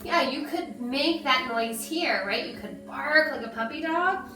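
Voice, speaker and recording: Slow, gentle woman leading kids' yoga. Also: high-pitched, animated, noisy background. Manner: gentle, encouraging, slow instructions. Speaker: yoga instructor. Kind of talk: guided children's yoga lesson. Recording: echoey room, heard from a distance, with music.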